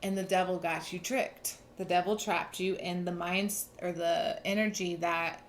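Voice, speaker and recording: Young woman reading tarot, lowish voice, earnest, kinda emphatic, lots of restarts, bit of background hiss. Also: fairly even intonation, unhurried. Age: young adult. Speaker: tarot reader. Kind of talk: casual tarot reading to camera.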